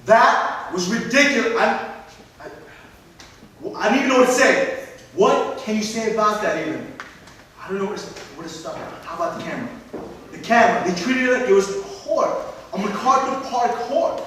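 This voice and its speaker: A scornful film snob rants and swears in a fairly high male voice, played by a man at a stage reading. It sounds distant and boomy, like a hall picked up from across the room. A faint hiss runs underneath. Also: expressive, normal speed, a bit bright. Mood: indignant. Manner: indignant, ranting, profane. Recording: echoey hall, mic far off, faint hiss.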